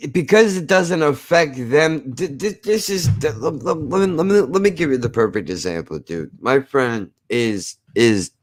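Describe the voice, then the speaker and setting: A man's voice: medium pitch, expressive, measured pace. A man from New Jersey hosting a podcast, ranting emphatically in casual chat, repeating himself and swearing. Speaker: podcast host.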